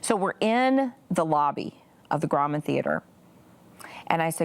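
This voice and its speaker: A woman's voice: low voice, lively intonation, measured pace, vocal fry, long pauses. A woman in her forties telling a personal story as an interview guest, earnest and full of "you know" fillers. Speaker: guest, pro-life activist.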